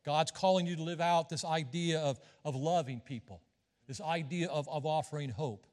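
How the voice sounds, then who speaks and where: High-voiced male preacher in a church. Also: moderate pace, darkish tone. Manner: folksy, joking and conversational with the congregation. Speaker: visiting missionary preacher. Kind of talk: sermon. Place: church sanctuary. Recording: long reverb of a church hall.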